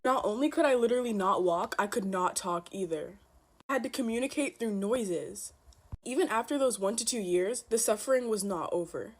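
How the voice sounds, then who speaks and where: A woman telling a mock-serious storytime into her phone, with deadpan, dramatic delivery. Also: medium pitch, normal speed. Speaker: storytime creator. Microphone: phone camera.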